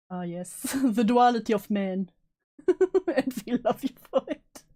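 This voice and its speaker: A woman's voice: on the high side, takes it slowly, dark tone. A woman streamer reacting to a clip in casual commentary, teasing and laughing, with free swearing.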